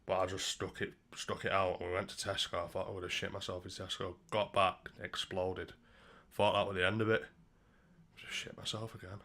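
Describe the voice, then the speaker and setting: A man's voice: low-pitched, flat delivery, moderate pace, gravelly, sharp tone. A young man livestreaming from a room at home, chatting casually with his viewers in a crude, rambling way and swearing a lot. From Britain.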